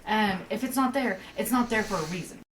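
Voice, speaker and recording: A woman co-hosting a podcast, telling a work story in casual chat, swearing freely and jumping up in pitch when she quotes herself. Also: a little fast, far from the mic, slight background noise, poor audio. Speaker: podcast co-host.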